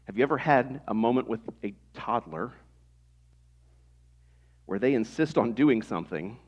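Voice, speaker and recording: A man's voice: mid-range voice, animated, normal speed, dull audio. A man in his thirties preaching a sermon in a conversational way, with rhetorical questions to the congregation. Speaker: pastor.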